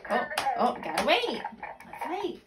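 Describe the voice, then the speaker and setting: Woman, mother, coaching a small child, encouraging, patient, higher voice, very lively melody, noisy home recording. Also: measured pace. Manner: patient, encouraging, sing-song talk to a child. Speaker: mother and caregiver. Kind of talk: coaching a young child through play.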